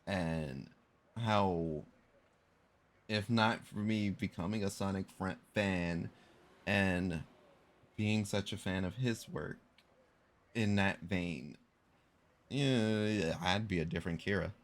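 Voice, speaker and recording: Young male streamer, unhurried low voice, rambling casual storyteller. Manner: rambling, self-correcting, slangy storytelling. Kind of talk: casual live-stream chat.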